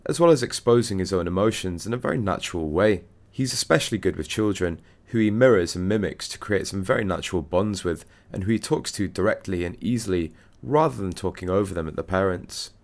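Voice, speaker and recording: Deep-voiced man reading the news. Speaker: news narrator. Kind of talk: scripted news narration.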